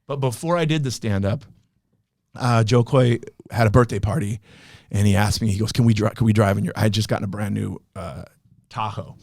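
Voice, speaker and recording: Middle-aged man, comedian guest, lively storyteller, acts out the quotes, salty language, dry close sound. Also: on the low side, a little fast, gravelly, dry recording. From Los Angeles, USA. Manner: animated storyteller acting out quotes, swears freely. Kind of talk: casual podcast storytelling.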